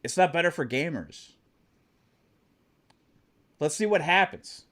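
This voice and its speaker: A gaming channel host with a slightly high, fairly bright voice delivers live-stream commentary. It comes out as an impassioned, profane rant, addressed directly to his viewers.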